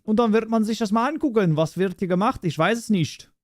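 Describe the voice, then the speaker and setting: A man voicing an overeager male German tutorial host in an exaggerated, bright singsong delivery. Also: sits high, fast, dry recording, studio quality, pitched above the performer's own voice, close to an everyday voice. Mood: mock cheerful.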